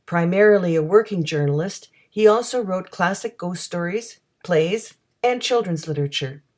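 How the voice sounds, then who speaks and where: A woman presenting a readers' theatre show, calmly announcing each story and its reader. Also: on the low side, moderate pace. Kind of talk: scripted introduction.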